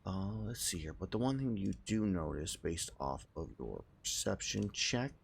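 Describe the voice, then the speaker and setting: A man narrating as game master of a tabletop game, relaxed and hesitant, with many pauses and fillers. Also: low-pitched, vocal fry, husky.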